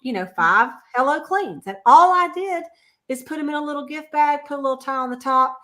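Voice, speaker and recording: Chatty, higher-voiced woman, casual sales talk over a video call. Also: fairly quick, fairly bright tone. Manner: chatty, storytelling, laughs often. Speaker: sales consultant. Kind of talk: casual livestream chat.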